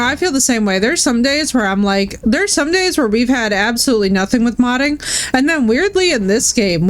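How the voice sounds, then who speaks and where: A woman streamer chatting casually with her viewers while she plays, candid and swearing freely, calling people bro and dude. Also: on the high side. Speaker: Twitch streamer. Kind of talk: casual live-stream chat while gaming.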